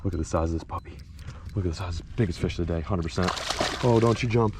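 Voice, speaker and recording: Young man, lowish voice, excitable fishing vlog commentary, outdoors, faint background noise. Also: quick pace. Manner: excitable, exclaiming and laughing while reeling in fish. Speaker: fishing vlogger. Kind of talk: casual on-camera fishing commentary. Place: outdoors by the water in winter.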